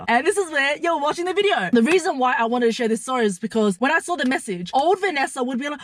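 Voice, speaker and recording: A young woman with a fairly high voice tells a storytime vlog straight to camera in a blunt, profane, animated way. The sound is dry and close, with no room echo. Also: racing. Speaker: lifestyle and mindset creator.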